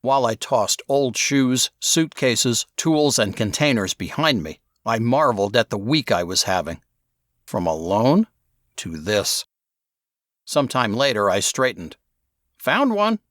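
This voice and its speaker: A man narrating a novel in first person, in a measured storytelling manner on a close studio mic. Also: fairly low pitch, animated, fairly bright tone, no room sound. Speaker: audiobook narrator.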